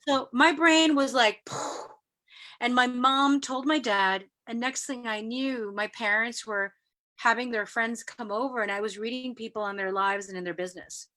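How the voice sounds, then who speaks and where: A woman from New York City with a bright, forceful voice pitched a little high. She is a guest in a casual interview and tells her stories in an animated way, acting out the voices of the people she quotes. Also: moderate pace. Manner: lively storyteller who acts out quoted voices. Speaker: guest sharing spiritual experiences.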